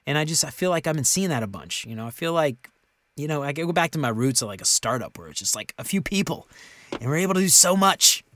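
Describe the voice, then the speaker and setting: A man in his thirties co-hosting a podcast in casual chat, animated and rambling, often laughing. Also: fairly high pitch, quick pace. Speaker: podcast co-host.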